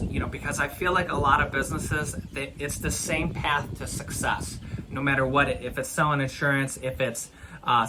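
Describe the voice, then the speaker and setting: A man's voice: mid-range voice, background noise. A man hosting an interview, asking earnest leading questions about starting a business. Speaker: host.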